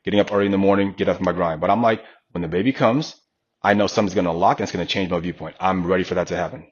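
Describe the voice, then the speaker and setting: Man, 30s, fitness coach, fast talker, husky, muffled recording, animated storyteller. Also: deep voice. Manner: animated storyteller, acts out quoted voices. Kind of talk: casual podcast conversation.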